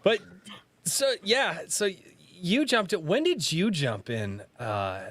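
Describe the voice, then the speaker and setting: Lively, playful podcast host. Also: male voice, sits high, takes it slowly, no room sound. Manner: playful, joking banter. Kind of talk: casual chat.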